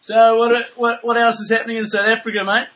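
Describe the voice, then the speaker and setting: A man's voice: very high voice, flat delivery, quick pace, a little hiss or hum. A man hosting a casual podcast, rambling in a laid-back way with many fillers. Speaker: podcast host. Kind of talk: casual chat. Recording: loud guitar music behind.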